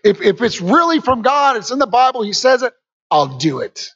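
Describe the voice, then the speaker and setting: A man preaching a lively sermon to a church congregation, calling out to them and rising to shouts. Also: very high voice, moderate pace, slightly rough, lo-fi sound. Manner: energetic, call-and-response with congregation, rises to shouts.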